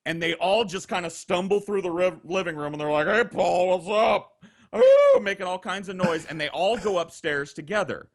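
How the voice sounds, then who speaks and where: A man telling a profane, animated story in casual style, acting out the voices, over a video call. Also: high-pitched, brisk, few pauses. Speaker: storyteller guest.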